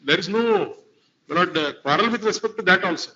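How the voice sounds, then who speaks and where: Lawyer guy arguing in court, high bright voice, kinda muffled lo-fi recording. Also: lively intonation, a little fast. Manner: formal, deferential, repeats "my lord" often. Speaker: advocate arguing before a court. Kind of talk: formal courtroom argument.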